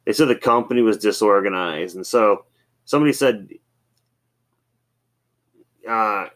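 A man's voice: lowish voice, normal speed, long pauses, fairly bright tone. A man hosting a podcast, telling loose, rambling stories with swearing and many fillers. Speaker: podcast host. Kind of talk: casual storytelling monologue.

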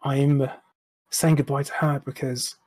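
A man's voice: medium pitch, flat delivery, unhurried, darkish tone, no echo. Frank, rambling man, dry sound. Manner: rambling, frank, self-deprecating, with restarts and swearing. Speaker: interview guest. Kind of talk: candid personal conversation.

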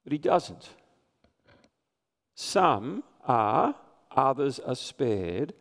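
A man's voice: mid-range voice, very animated, drawn-out words. A man preaching a sermon in a church, earnest and conversational, putting questions to his congregation. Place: church sanctuary. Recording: live church stream with long reverb.

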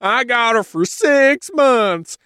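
A man's voice: very high-pitched, lively intonation, takes it slowly, fairly bright tone, smooth, dry recording, clean studio sound, pitched above the performer's own voice, full character voice. A man voicing a smug, creepy male underworld god with a sly, drawling delivery.

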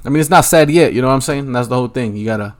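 A man's voice: medium pitch, rapid-fire. Young dude rambling on his podcast, swearing constantly, super laid back. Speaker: podcast host. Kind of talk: casual solo rambling podcast. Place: Los Angeles, at home.

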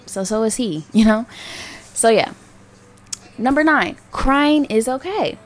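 A woman's voice: on the high side, animated, slow pace, faint music behind. A young woman hosting her own podcast, talking candidly and rambling with lots of fillers and swearing. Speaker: podcast host. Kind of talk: casual solo podcast monologue.

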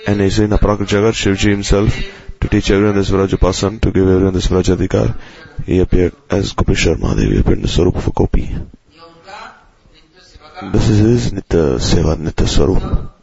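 A man gives a devotional sermon in a very low, gravelly voice. He speaks in a measured way and weaves in Sanskrit terms. The recording sounds a little dull and lo-fi. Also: mellow. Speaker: preacher.

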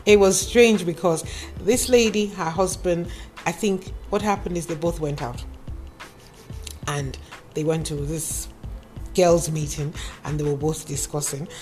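A woman tells a cautionary story in a lively, lecturing way and speaks straight to her listeners. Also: low voice, a little slow, soft background music. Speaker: advice speaker. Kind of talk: moralizing storytelling monologue.

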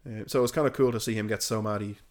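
A man's voice: fairly low pitch, steady tone, very fast. A man co-hosting a casual podcast, telling stories animatedly and swearing freely. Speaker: podcast co-host.

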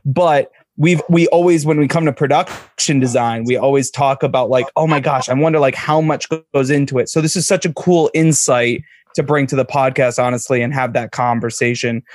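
A man's voice: medium pitch, normal speed, few pauses, a little mellow, dry recording. A man co-hosting a movie podcast in casual chat, friendly and talkative, leaning on "like" as a filler. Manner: friendly, chatty, uses "like" often. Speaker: podcast co-host.

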